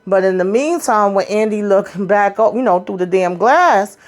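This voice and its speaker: A woman's voice: mid-range voice, moderate pace. Chatty woman recapping a TV episode. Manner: chatty, slangy, quotes the characters loosely.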